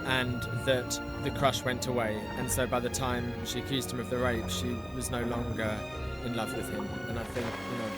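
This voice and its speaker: Man, film director, reflective commentary, film music underneath. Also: mid-range voice. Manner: reflective, with restarts. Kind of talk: audio commentary. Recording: commentary over film soundtrack.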